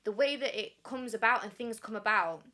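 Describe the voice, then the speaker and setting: Fairly high-pitched and moderately paced, the voice belongs to a young Yorkshire-accented singer from Sheffield, England. As a guest in a casual interview, seated, she tells stories in a lively way and acts out the lines of dialogue.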